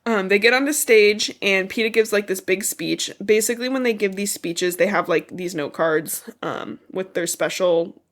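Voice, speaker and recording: A woman's voice: medium pitch, fairly even intonation, normal speed, hardly any pauses, fairly bright tone. A woman with a stuffy, congested voice, recapping a book for a podcast in a rambling way, swearing often. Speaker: podcast co-host. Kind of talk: casual book recap chat.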